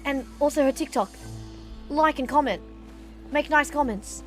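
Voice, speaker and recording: A woman, live-streaming a video game and chatting casually, animated, ranting and swearing freely. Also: high-pitched, normal speed, soft background music. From Australia. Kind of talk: casual gaming stream chat.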